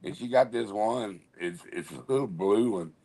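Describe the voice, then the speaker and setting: A man with a fairly low voice, chatting casually as a co-host. He tells loose, rambling stories and swears freely as he goes. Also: normal speed, dark tone. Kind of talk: casual chat.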